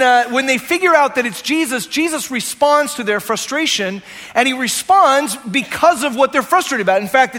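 Male pastor, high bright voice, chatty sermon delivery, long hall reverb. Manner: conversational, acts out quotes, frequent "right?".

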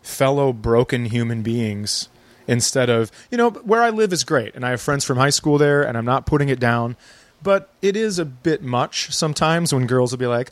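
A man's voice: medium pitch, expressive, normal speed, no room sound. A man from Minnesota, a guest comedian, telling stories in a wry, laid-back casual chat.

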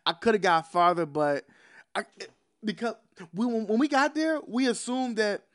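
A man's voice: sits high, moderate pace, fairly bright tone. A man, co-hosting a podcast in casual chat, telling laid-back, slangy stories and laughing often. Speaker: podcast co-host.

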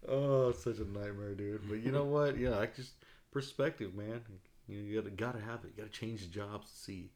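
A man's voice: lowish voice, fairly quick, a little mellow. Profane storytelling man in casual chat. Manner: profane storytelling with acted-out quotes, laughing often. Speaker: podcast host.

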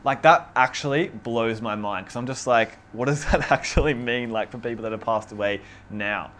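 A man leading an informal Bible study, teaching in a relaxed, chatty way with many fillers. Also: mid-range voice, moderate pace. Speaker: youth group or Bible study leader. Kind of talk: casual conversational teaching on scripture.

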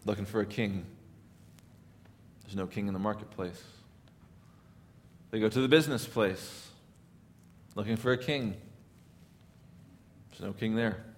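A male pastor giving an earnest Christmas sermon, rising in force, then dropping to soft emphasis. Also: on the low side, measured pace, pauses often.

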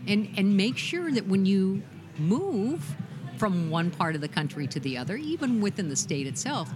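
A woman's voice: mid-range voice, very animated, normal speed, over music. A woman from Minnesota, a former news anchor, talking casually and reflectively with many fillers. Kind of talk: casual interview talk.

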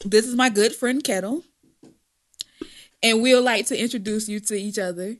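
A woman's voice: fairly high pitch, normal speed. A woman co-hosting a casual gossip podcast, slangy and dramatic, laughing often. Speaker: podcast co-host.

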